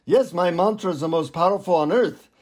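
A man voicing a serene old male Indian guru with an Indian accent, speaking in a slow, instructive way. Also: sits high, darkish tone. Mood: solemn.

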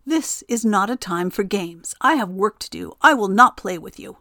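A woman's voice: mid-range voice, expressive, normal speed, bright, forceful tone, no room sound. A stern old woman voiced by a woman with no time for games, firm and scolding as she insists on her work. It is a storybook reading, recorded close and dry.

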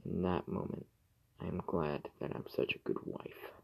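A man reading a first-person horror story in a slow, hushed way that often drops to a whisper. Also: sits low, flat delivery, gravelly, rough recording. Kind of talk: scripted horror narration.

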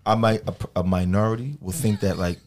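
A man's voice: steady tone, brisk, a little mellow. A man co-hosting a podcast, teasing the guest and asking questions with jokes. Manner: joking, teasing, drops low when making a point. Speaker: podcast co-host. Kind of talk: casual chat.

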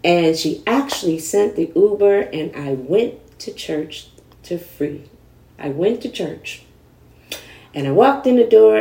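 Lively storytelling woman, roomy sound. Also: on the low side, recorded from a distance. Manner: animated, acts out quoted voices. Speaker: guest. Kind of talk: candid storytelling conversation.

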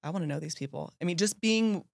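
Man, podcast host, effusive, grateful, stumbling repeats, fairly high voice, dry sound. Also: fast talker, creaky, dry recording. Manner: effusive and grateful, repeats words when excited. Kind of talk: casual interview chat.

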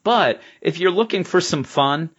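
A man co-hosting a comics podcast in casual chat, lively and acting out quotes as he retells scenes. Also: fairly high pitch, a little slow, slightly rough. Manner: animated, acts out quotes in brief put-on voices. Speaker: podcast co-host reviewing comics. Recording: slightly dull lo-fi podcast audio.

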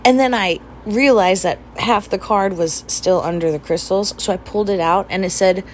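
A woman's voice: medium pitch, normal speed, slight background noise, poor audio. A young woman casually telling stories in a vlog, chatty and laughing often as she acts out her own dialogue. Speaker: vlogger.

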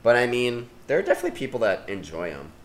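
Young male podcast co-host, animated and profane, very lively intonation. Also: mid-range voice, fast talker, a little hiss or hum. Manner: animated, swears a lot, laughs often. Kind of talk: casual chat.

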